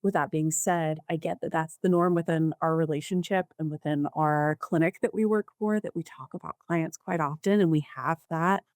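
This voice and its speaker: A woman therapist co-hosting a podcast, explaining clinical ideas in a calm, measured way. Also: low voice, no echo, clean studio sound. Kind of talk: podcast discussion.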